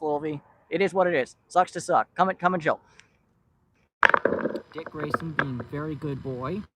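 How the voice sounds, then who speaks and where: A man's voice: a little high, normal speed, pauses often, slight background noise. A man vlogging outdoors while feeding rescued street cats, rambling affectionately and teasing the cats by name. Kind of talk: casual chat to camera and to cats. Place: outdoors by a shipping container.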